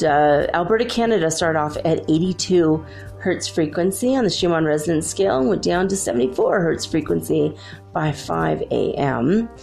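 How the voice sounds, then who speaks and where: A woman with a low, gravelly, mellow voice hosts a casual solo spiritual talk from her room at home. She's chatty and bubbly, and she says "like" a lot.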